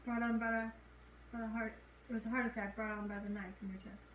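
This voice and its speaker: In a casual recap of a horror movie, a young female co-host retells scenes and voices the characters loudly. Her voice is a little high, with a flat delivery at a quick pace. There's a slight hiss or hum, an echoey room, and she's a bit distant from the mic.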